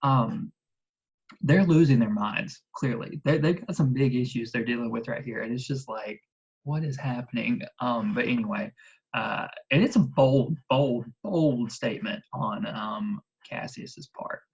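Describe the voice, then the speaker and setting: A teacher with a drawl talks through a recorded lesson in a loose, chatty way. The delivery is animated, full of "like," with exasperated asides to the class. Everything stays informal and conversational. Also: mid-range voice, a little slow, gravelly, rough recording. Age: adult. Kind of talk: recorded lecture explaining a play.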